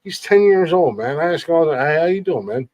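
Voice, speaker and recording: A man's voice: fairly high pitch, lively intonation, quick pace, lo-fi sound. Earnest, profane middle-aged male podcast host. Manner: emphatic and profane, often says "man"; earnest, with many restarts and repeated words. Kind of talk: casual podcast talk.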